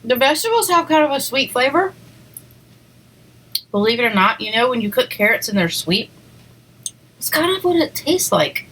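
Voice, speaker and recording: A woman's voice: high-pitched, big pitch swings, normal speed, pauses often, fairly bright tone, slight background noise, rough recording. A woman hosting a casual eating video, chatting to viewers between bites with lots of "like" and "um" and small giggles. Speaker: eating show host. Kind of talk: casual mukbang chat to viewers.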